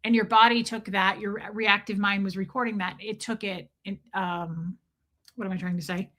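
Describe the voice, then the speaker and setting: A woman's voice: mid-range voice, fairly even intonation, normal speed, sharp tone. A woman hosting a livestream, telling a story in a candid, chatty way, swearing freely and answering viewer comments. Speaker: livestream host.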